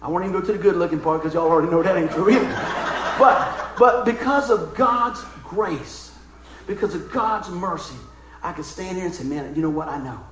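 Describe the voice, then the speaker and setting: A man's voice: high-pitched, a little fast, a little hiss or hum. A middle-aged man preaching a sermon, telling a personal story in a folksy, emotional way with casual asides. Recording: echoey room.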